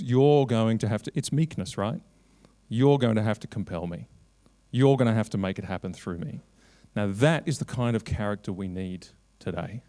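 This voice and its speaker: At a conference, a man who directs a Christian lobby delivers a preached keynote, quoting scripture and stacking up long, repetitive lists. He swings from raised, urgent lines to low, quiet asides.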